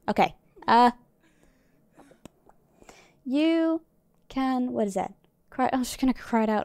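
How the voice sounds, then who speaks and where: A woman's voice: on the high side, takes it slowly, pauses often, a little mellow, smooth, no echo. A woman streamer giving casual gameplay commentary, chatty and muttering to herself with mild swearing. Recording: dry sound with faint music behind.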